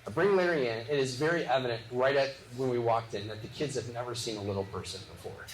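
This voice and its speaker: A man doing lively stand-up comedy, telling punchy stories with quick voiced asides on a live stage. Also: mid-range voice. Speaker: stand-up comedian and former police officer. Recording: echoey venue with clear background noise.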